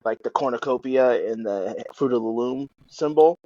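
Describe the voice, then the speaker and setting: A man's voice: medium pitch, moderate pace, dark tone, muffled recording. A married man co-hosting a podcast in casual chat, swearing and filling with ums and likes. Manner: swearing, filler-heavy rambling. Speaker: podcast co-host.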